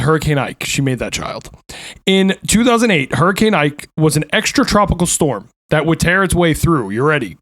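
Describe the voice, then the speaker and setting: A man's voice: fairly high pitch, very animated, normal speed, a bit bright. A man hosting a casual podcast, rambling through stories, laughing often and swearing freely. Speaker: podcast host. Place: New York.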